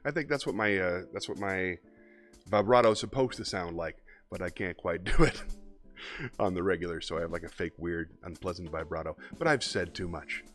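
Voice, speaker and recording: A man hosting a live stream, chatting casually and reading poems in a deeper, slower radio voice. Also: a bit bright, faint music behind. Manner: laid-back, chatty, reads poems in a deep radio voice. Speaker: host of a live variety stream.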